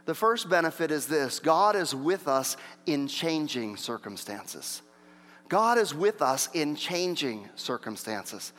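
A man preaching a sermon as pastor, swinging from emphatic, rising repetition to quieter, intimate explanation. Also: fairly high pitch, very animated, slow, long reverb tail.

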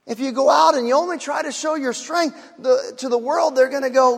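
High-voiced preaching pastor in a hall. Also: male voice, a little fast, creaky, few pauses. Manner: preaching with emphatic repetition. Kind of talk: sermon. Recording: hall reverb.

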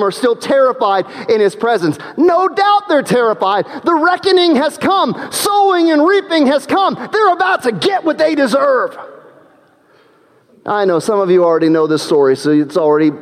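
High-voiced preacher in a reverberant hall. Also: male voice. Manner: dramatic storytelling, acts out quoted characters. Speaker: pastor. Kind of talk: sermon.

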